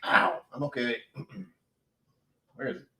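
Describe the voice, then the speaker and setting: A man's voice: mid-range voice, slow, bright, forceful tone, slight background noise. A man with a New England accent hosting a whiskey live stream, chatting, easily distracted and joking at his own expense. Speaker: whiskey channel host.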